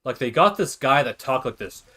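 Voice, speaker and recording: A man's voice: medium pitch, animated, normal speed, pushed and bright, husky. A man streaming a game and chatting casually, rambling through opinions with lots of "like" and fillers. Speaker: livestream gamer. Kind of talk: casual gaming commentary.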